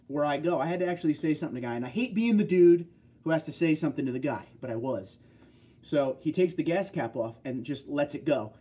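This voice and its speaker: A man's voice: mid-range voice, mellow, breathy edge. A man from New York hosting a livestream, chatting casually and rambling through answers to viewer comments. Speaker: livestream host.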